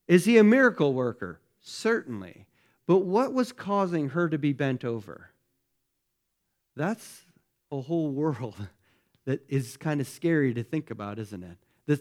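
A man's voice: on the high side, darkish tone. A man preaching a sermon as pastor, speaking conversationally and tagging many lines with rhetorical questions. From United States.

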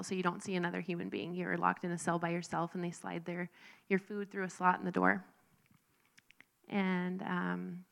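A woman in her twenties giving a personal testimony, soft-spoken and nervous. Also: fairly low pitch, gravelly. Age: 20s.

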